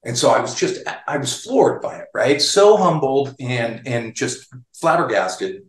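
A man's voice: mid-range voice, animated, unhurried, roomy sound. Chatty male guest telling a story. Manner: chatty storyteller with many restarts. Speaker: guest, guitar magazine writer. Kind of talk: storytelling interview.

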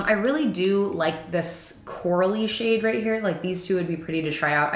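A young woman talks casually through a makeup review, chatty and self-deprecating, with plenty of "like" fillers. Her voice sits a little low but has a bright, forward tone. The room gives it a noticeable echo. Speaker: beauty vlogger. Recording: echoey room.

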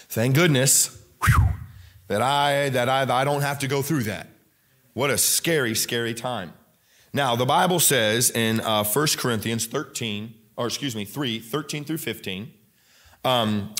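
A man's voice: medium pitch, fairly bright tone. A male pastor preaching a sermon in a church, emphatic and conversational, often questioning the congregation directly. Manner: frequent fillers and restarts, conversational.

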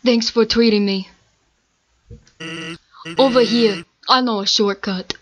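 A woman's voice: a little high, steady tone, takes it slowly. A woman voicing a laid-back, joking male skeleton sentry as she reads game dialogue aloud.

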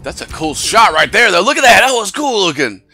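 An excitable male game streamer with a bright, forceful and fairly high voice. He bursts into yells and sing-song jokes as he plays. His commentary is loose and playful. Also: fairly quick. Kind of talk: live gameplay commentary.

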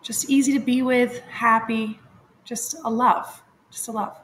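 A woman's voice: a little high, steady tone, unhurried, fairly bright tone. A woman in her thirties, a podcast guest, telling a personal story candidly and with feeling, laughing often and using many fillers.

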